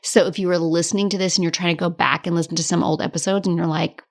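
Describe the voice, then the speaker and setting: A woman's voice: on the low side, quick pace. Chatty woman podcast host coaching. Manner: chatty and animated, laughs often; tough-love directness, casual swearing. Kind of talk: casual solo podcast talk.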